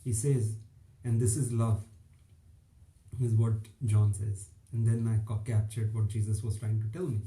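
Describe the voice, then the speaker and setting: A man's voice: on the low side, level tone, a little slow, mellow, roomy sound, rough recording. A man preaching an informal online sermon, emphatic and repetitive, with little chuckles between phrases.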